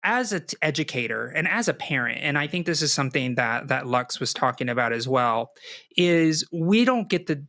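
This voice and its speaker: A man's voice: mid-range voice, moderate pace, dry recording, studio quality. A man co-hosting a talk show, an educator and parent, talking animatedly with frequent restarts and acting out what kids and parents might say. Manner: animated, restarts often, acts out quoted kids. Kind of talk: casual discussion with a caller.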